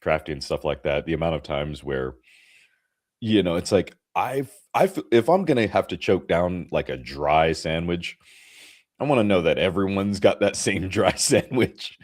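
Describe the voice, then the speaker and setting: A young man, an actor, telling an animated story in casual chat over a video call, laughing often and using lots of fillers. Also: sits low, moderate pace, no echo, clean studio sound. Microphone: remote video call.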